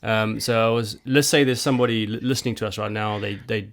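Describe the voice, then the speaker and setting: Male podcast host, somewhat low pitch, halting questions with restarts. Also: fairly even intonation, creaky. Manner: hesitant, repeats words when starting. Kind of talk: podcast interview, asking questions.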